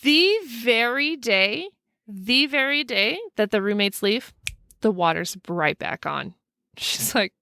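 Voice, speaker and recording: A woman casually telling a ghost story as a podcast co-host, animated and acting out the people she quotes. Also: a little slow, no echo, studio quality. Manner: animated, acts out quoted people with pitch swings.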